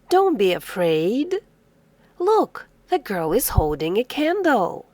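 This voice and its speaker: A woman teaching young children to read. She speaks slowly and clearly, says each word aloud, then echoes it in a whisper. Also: fairly high pitch, big pitch swings, a little mellow. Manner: slow, clear, encouraging delivery for young learners. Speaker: reading teacher. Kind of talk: scripted children's reading lesson.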